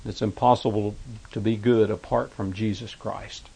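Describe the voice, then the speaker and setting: A man preaching a sermon, reading scripture aloud in old-fashioned wording and explaining each verse, his voice rising and growing louder on the quoted verses. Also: steady tone, slow pace, gravelly, long pauses, husky. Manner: reads scripture aloud in King James wording, then explains it; rises in pitch and force on quoted verses.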